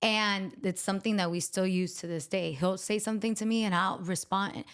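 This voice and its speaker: A woman's voice: medium pitch, fairly even intonation, normal speed, clear, resonant tone. Chatty woman host telling stories. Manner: chatty, candid and self-mocking, quotes dialogue. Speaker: podcast host. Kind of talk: casual storytelling chat.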